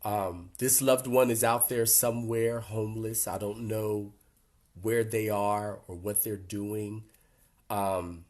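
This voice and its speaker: An older man speaking earnestly to a support group in a reflective workshop talk, gently emotional, with pauses. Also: fairly low pitch, steady tone.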